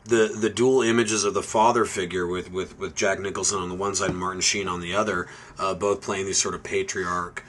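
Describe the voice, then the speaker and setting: Bright-voiced man reviewing films. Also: sits low, flat delivery, brisk, hardly any pauses, a little hiss or hum. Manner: rambling, lots of fillers and restarts. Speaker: podcast co-host. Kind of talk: casual movie review chat.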